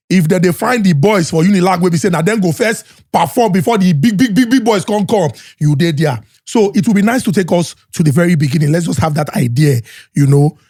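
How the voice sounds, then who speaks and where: A man's voice: high voice, a little mellow, no echo, studio quality. A man with a Nigerian accent hosting a podcast interview, chatty, mixing Pidgin and English. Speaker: podcast host.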